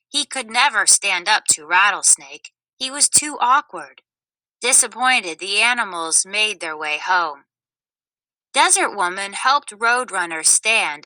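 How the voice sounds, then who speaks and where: A woman reading a children's story aloud in a clear, expressive way. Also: medium pitch, no room sound, poor audio. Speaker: storybook narrator.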